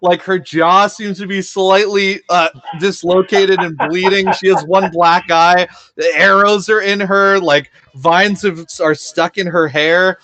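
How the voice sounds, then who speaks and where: A man's voice: high voice, steady tone, measured pace, hardly any pauses, bright, forceful tone. A man running a tabletop game as game master, making rulings and playfully describing the action.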